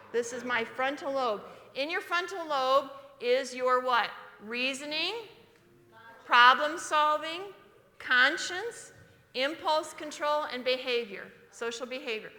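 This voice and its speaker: A bright, clear-toned woman delivers a sermon and slows down to read verses aloud. The livestream picks her up in a church hall with a long, roomy echo. She keeps checking that the congregation follows along. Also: sits high. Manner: storytelling, calls for congregation response, reads verses aloud slowly. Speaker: speaker at a church service. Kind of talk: sermon with a personal story. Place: church sanctuary.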